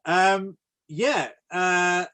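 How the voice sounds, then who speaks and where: Man with a high voice, podcast host, casual joking chat. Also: drawn-out words. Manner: joking, with frequent laughs. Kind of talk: casual chat about films.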